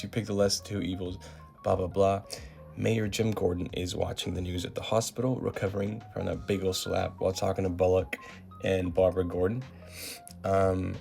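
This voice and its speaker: Low gravelly dude chatting through a comic recap, slangy and chill, soft music behind. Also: male voice. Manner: laid-back slangy summarizing with many ums. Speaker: comic book reviewer.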